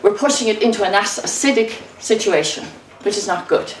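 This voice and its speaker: A woman's voice: medium pitch, fairly quick, echoey room, far from the mic, a little hiss or hum, low-quality recording. A woman leading a rebounding workout, cheerful and encouraging, a little out of breath as she keeps jumping while she talks. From Ireland. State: slightly out of breath. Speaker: exercise instructor. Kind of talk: exercise demonstration. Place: indoors at home.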